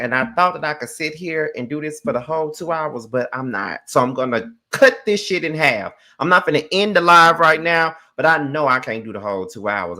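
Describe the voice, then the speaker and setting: A man's voice: medium pitch, pushed and bright. A man hosting a commentary channel, reacting casually and speaking straight to his viewers.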